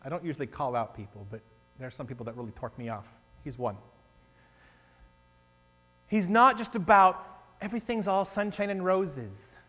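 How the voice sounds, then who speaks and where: A pastor delivers a sermon to his congregation in a church sanctuary, his voice pitched high for a man and full of expression. At a normal speed with long pauses, he moves from loud, emphatic declarations to hushed, confiding asides. A large hall's long reverb surrounds him, and a faint electrical hum runs underneath.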